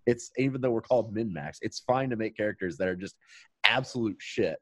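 A man's voice: fairly low pitch, lively intonation, a little fast, breathy edge, dry recording. A man co-hosting a tabletop gaming podcast in casual chat, laid-back and blunt with casual swearing. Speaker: podcast co-host and tabletop player.

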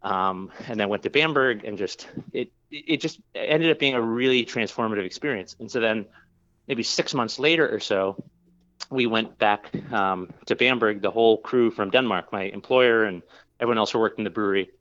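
Male brewer, casual interview guest, low voice, rambling with fillers, slightly muffled recording. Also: moderate pace, a bit bright. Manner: rambling, with many fillers and restarts.

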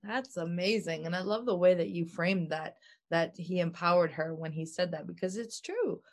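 A woman's voice: lowish voice, moderate pace. A woman interviewing a guest, answering him with brief, encouraging remarks. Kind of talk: casual interview.

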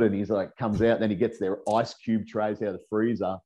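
A man's voice: fairly low pitch, brisk. A middle-aged Australian man, a podcast guest, telling profane, rambling stories in casual chat. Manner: profane, rambling, animated storyteller. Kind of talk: casual storytelling.

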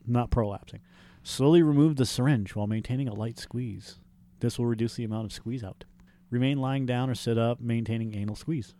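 Male podcast co-host, average pitch, crude and laughing, reads posts with mock formality. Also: fairly quick, warm tone. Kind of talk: casual comedic chat, reading listener posts aloud.

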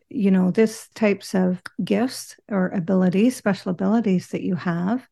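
A woman's voice: mid-range voice, vocal fry, dark tone. A woman hosting an interview podcast, affirming her guest and framing her questions with thoughtful reflections. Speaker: podcast host.

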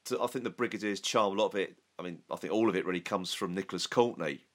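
A man's voice: sits low, fast talker. A man hosting a podcast in casual chat, rambling and hedging with many restarts. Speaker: podcast host.

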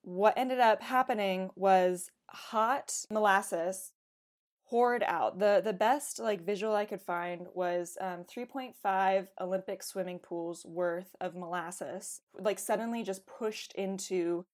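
A woman's voice: medium pitch, slow. Chatty woman storyteller, lots of "like". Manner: chatty, filler-heavy with frequent "like". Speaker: podcast co-host presenting research. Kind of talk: casual chat.

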